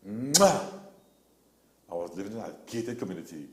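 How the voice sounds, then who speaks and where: A man's voice: medium pitch, moderate pace, echoey room. A man, a guest telling stories in a casual talk show, acting out the people he quotes. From Trinidad and Tobago. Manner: animated storyteller, acts out quotes.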